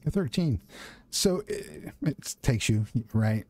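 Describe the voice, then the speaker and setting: A man running a horror tabletop game as game master, narrating in a calm, measured way. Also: medium pitch.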